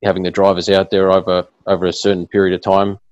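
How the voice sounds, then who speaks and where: Bloke hosting a podcast over a call, deep voice, rambles with lots of ums, kinda muffled. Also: male voice, completely flat delivery, fast, darkish tone, dry recording. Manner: rambling, many restarts and fillers. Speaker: podcast host. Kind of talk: casual chat. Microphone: video call.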